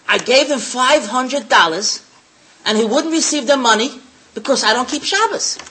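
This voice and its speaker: A woman putting on a mocking rich man, bright and sharp. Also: high-pitched, animated, moderate pace, husky, heavily acted. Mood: scoffing. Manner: mocking, incredulous. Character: rich man, scoffing and worldly.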